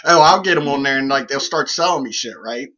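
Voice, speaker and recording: A man co-hosting a casual chat show, telling stories in an animated way, his voice jumping up on punchlines and full of swearing. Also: fairly quick, highs cut off. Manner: animated storyteller, rising pitch on punchlines, heavy swearing. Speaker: podcast co-host.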